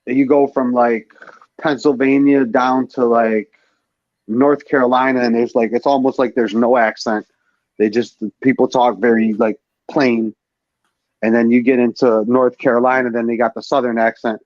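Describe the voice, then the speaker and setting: A man's voice: medium pitch, level tone, normal speed, dry recording. Laid-back New York man, lo-fi. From New York area, USA. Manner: laid-back, loose explaining with lots of "like". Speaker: live stream host. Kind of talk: casual chat. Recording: dull, dry lo-fi sound.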